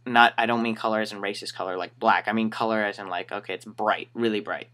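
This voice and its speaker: A man's voice: on the low side, steady tone, fast, sharp tone. A young man telling stories to camera in a casual, rambling way, wry and acting out the people he describes. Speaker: retail shoe store worker. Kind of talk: casual storytelling vlog.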